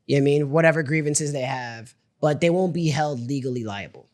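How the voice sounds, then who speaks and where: A man co-hosting a podcast in casual banter, easygoing and quick to laugh. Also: a little high, darkish tone. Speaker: podcast co-host.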